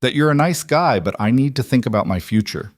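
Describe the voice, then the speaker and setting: A man voicing a nervous, guarded young woman doctor, speaking in a slightly raised, quiet and measured way. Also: mid-range voice, lively intonation, no echo, clean studio sound, voice pushed up, natural voice. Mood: firm.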